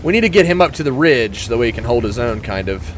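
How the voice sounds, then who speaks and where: A young man commenting on his own tank gameplay in a put-on gruff voice, excitable and quick to whoop and laugh. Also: mid-range voice, a little hiss or hum. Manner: talks in a put-on gruff tanker voice. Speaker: gaming YouTuber.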